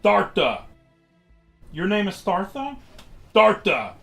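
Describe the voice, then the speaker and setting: A bewildered woman from another time speaks in scraps of broken English, as a man puts her on. Her voice sits high and loud, and every phrase comes out choppy and uncertain. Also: huge pitch swings, creaky, soft background music, exaggerated voice. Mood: halting, puzzled. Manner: halting, fragmented speech. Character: confused adult woman from the future, halting broken English.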